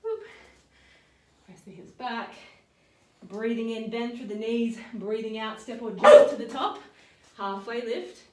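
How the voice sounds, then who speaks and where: A woman leading a yoga and strength workout, calmly cueing each move and breath. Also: a little high, unhurried, distant mic, a little hiss or hum. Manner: calm step-by-step cueing with breath counts. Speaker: fitness and yoga instructor. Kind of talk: guided workout instruction. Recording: roomy sound, voice off-mic.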